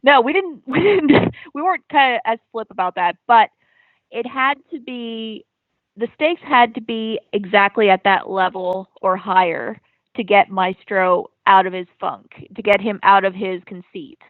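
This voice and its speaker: A woman's voice: medium pitch, measured pace, no echo. Woman on a tinny, phone-like line. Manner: chatty, many ums and you-knows. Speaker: comic creator guest. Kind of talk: casual interview chat.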